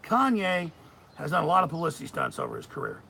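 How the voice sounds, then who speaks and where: A middle-aged man hosting a live stream, ranting heatedly with a gravelly voice, swinging between shouting and muttering. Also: fairly high pitch, huge pitch swings, very fast, slight background noise. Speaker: host.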